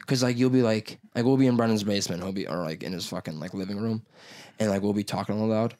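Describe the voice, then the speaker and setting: Young male podcast host, rambling casual storyteller, profane, jumps into loud voice bits. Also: lowish voice, fast talker. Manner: rambling, swears a lot, does loud impressions. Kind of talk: casual chat.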